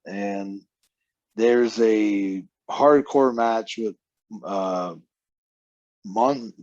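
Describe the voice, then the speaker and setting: A man's voice: on the low side, drawn-out words, a little mellow, dry recording, highs cut off. Man telling rambling stories. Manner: rambling anecdotes with quoted voices. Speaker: wrestler guest. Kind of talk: casual storytelling interview.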